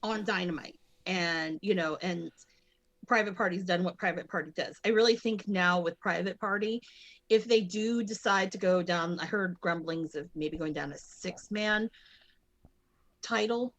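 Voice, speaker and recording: A woman chatting casually on a wrestling podcast as a guest co-host, rambling with lots of fillers and restarts, now and then breaking into loud excited shouts. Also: fairly low pitch, measured pace.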